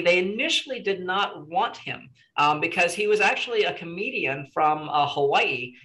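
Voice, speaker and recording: A man's voice: high-pitched, bright, forceful tone, low-quality recording. A man teaching a casual screenwriting workshop to a small group, chatty and encouraging with lots of "you know"s.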